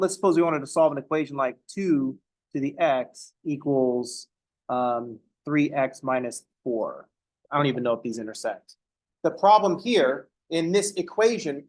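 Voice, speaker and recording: A man teaches calculus to a class in a slightly higher-than-usual voice. He explains each step plainly, then drifts into wry joking asides before pulling himself back to the lesson. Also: darkish tone. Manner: joking asides, self-interrupting. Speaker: math teacher. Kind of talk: classroom lecture.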